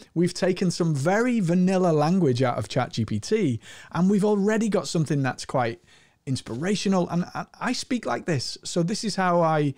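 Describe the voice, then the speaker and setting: Energetic Scottish man in a dry room. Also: dry recording. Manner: energetic and enthusiastic, often rising in pitch. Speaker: host. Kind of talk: screen-share tutorial.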